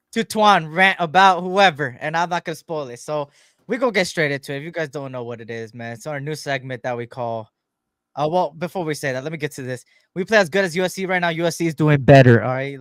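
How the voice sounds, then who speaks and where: A man's voice: fairly high pitch, a bit bright, dry recording, clean studio sound. A man hosting a sports podcast, talking casually with lots of fillers and playful ribbing of his co-host.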